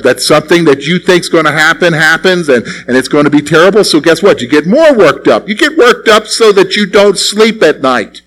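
A man's voice: sits high, fairly bright tone, low-quality recording. A male pastor preaching a conversational sermon, often asking the congregation questions.

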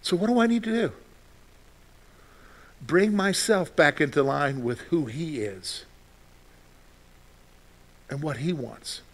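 A male pastor with a high-pitched voice delivers a sermon. He talks animatedly, jumping from loud bursts to hushed, gentle lines. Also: slow, long pauses. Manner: animated, swings from loud outbursts to soft quiet lines.

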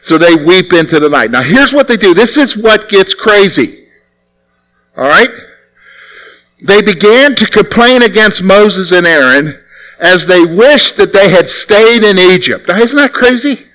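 A man preaching a sermon in an animated, conversational way, often putting rhetorical questions to his listeners. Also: high-pitched, measured pace, low-quality recording.

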